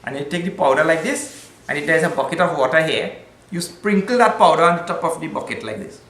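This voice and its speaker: Man, spiritual teacher, slightly high voice, roomy echo. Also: expressive, quick pace. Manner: conversational, with Sanskrit terms and gentle humor. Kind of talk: spiritual discourse.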